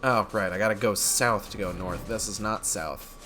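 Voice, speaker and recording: A man's voice: lowish voice, moderate pace, sharp tone, faint music behind. A man commentating his game playthrough in a goofy, sarcastic way, swearing casually. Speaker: streamer. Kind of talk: let's-play commentary.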